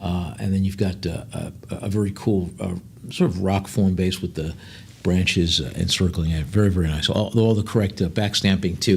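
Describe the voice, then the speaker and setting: Husky man auctioneer: rapid-fire bid calls, relaxed jokey chatter between lots. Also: deep voice. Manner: rapid bid calling mixed with chatty, joking asides. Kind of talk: live auction calling with item descriptions.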